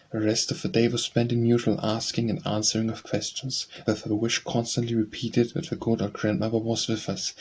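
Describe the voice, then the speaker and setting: A man narrating an audiobook memoir in a measured, even reading. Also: on the low side, a little hiss or hum. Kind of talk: scripted narration.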